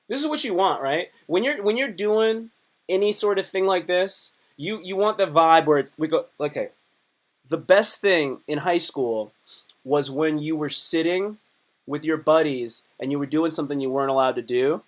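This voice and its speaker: A man's voice: a little high, normal speed. A man doing a casual comedy live stream, talking in a rambling, crude, joking way.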